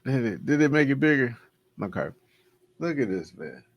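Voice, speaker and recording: A man's voice: medium pitch, big pitch swings, moderate pace, no room sound. A man hosting his channel, talking casually and slangily to viewers and laughing at a message he is reading out. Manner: laid-back slangy talk, laughing at what he reads. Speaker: channel host.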